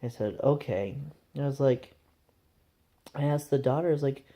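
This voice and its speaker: Mellow-voiced man vlogging a rambling story. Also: mid-range voice, normal speed. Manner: rambling, conversational. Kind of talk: casual storytelling to camera.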